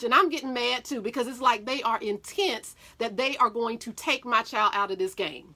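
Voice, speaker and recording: A middle-aged woman, telling a story about her son to her viewers in a folksy, animated way. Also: a little high, moderate pace. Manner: folksy Southern-style talk, addresses viewers as y'all.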